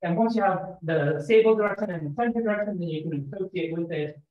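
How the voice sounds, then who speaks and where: A fast-talking lecturer whose voice sits high walks through a mathematics seminar talk step by step, thinking aloud along the way. It's captured in an echoey seminar room with somewhat dull audio.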